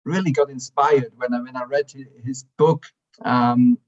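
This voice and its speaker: A man hosting an evening event introduces the guest speaker in a hesitant way, often pausing on fillers. His voice sits at a middle pitch for a man. The recording sounds a little dull and muffled. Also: fairly even intonation. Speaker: event host.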